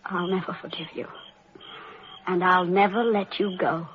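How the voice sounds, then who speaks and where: A woman's voice: fairly low pitch, steady tone, unhurried, slight background noise, lightly acted. An actress playing a jealous, scheming woman in an old radio drama, cold and menacing. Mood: desperate. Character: jealous scheming woman Emily, turning murderous. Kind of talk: 1940s radio acting. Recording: dull old radio broadcast.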